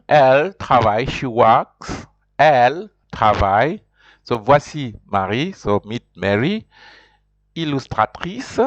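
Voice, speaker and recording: A man teaching a beginner French lesson informally, hesitant with many fillers and repeated words, slowing down to repeat French words for practice. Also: medium pitch, no room sound. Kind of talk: informal language lesson, explaining and pronouncing. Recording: dull, lo-fi home recording.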